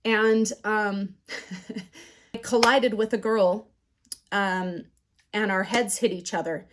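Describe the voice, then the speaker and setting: A woman leads a class on building resilience, with a voice of ordinary middle pitch. She mixes plain teaching with candid personal stories and acts out the quotes in an animated way. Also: slow pace, background noise. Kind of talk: storytelling lecture.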